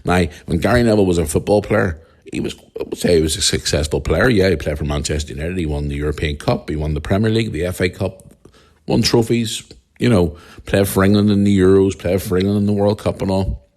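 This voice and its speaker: A Northern Irish man with a deep, low voice rants on his solo podcast. He talks bluntly and angrily, swearing freely and pressing each point hard. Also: fast talker, a little mellow. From Northern Ireland. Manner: angry, blunt, heavy swearing, ranting. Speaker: podcast host.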